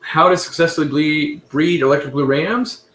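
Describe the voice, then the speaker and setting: A man hosting a casual live stream, answering viewer questions in a relaxed, rambling way and often correcting himself. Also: a little high, normal speed, echoey room, slight background noise.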